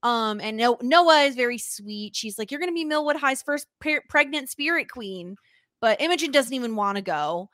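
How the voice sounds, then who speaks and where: A woman with a somewhat high voice talks through a TV episode in casual chat, slipping into quoted character lines. Her voice sounds dry and close, with no room in it. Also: normal speed, no room sound. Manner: animated, acts out characters' lines while retelling. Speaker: podcast co-host.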